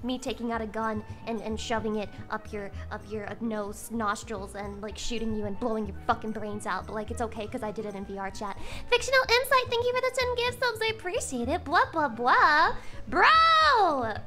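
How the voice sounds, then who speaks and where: A woman streamer chatting with her live audience, loud and excitable, swearing often and breaking into shrieks, her voice strained and cracking. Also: a little high, brisk, hardly any pauses, soft background music. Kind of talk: casual chat with a live audience.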